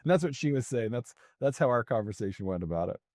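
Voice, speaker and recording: Mellow-voiced chatty man telling a story. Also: medium pitch, expressive, fast, no echo, studio quality. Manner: chatty, laughs often, many fillers. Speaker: podcast guest, sales coach. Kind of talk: casual storytelling conversation.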